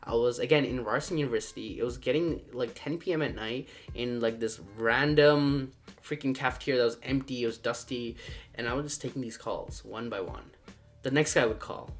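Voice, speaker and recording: A man's voice: mid-range voice, brisk, soft background music. A young man casually telling a personal story, full of fillers like "like" and acting out voices in quotes. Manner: rambling, filler-heavy, acts out quoted dialogue.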